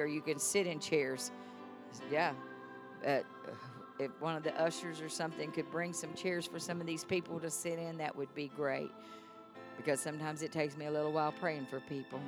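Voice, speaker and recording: A woman preaching a healing sermon in a church service, impassioned and swinging from loud proclamations to soft asides. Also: low-pitched.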